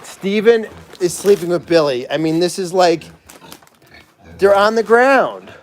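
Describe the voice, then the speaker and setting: An excitable, chatty man hosts a casual livestream from an animal sanctuary barn. His voice sits a bit high for a man, and he thanks donors by name as he talks. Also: a little slow. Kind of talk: casual live-stream chat.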